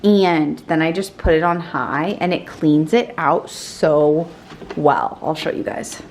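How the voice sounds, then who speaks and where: A young woman chats through her morning in a home kitchen, rambling and hedging with lots of fillers. The recording has a clear layer of background noise. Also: deep voice, slow, darkish tone. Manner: chatty, rambling, filler-heavy. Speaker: vlogger. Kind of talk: casual kitchen vlog chat.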